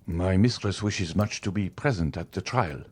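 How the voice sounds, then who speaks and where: A man's voice: low-pitched, moderate pace, slightly rough. A man voicing a deferential household valet who answers politely in a subdued voice in an audiobook.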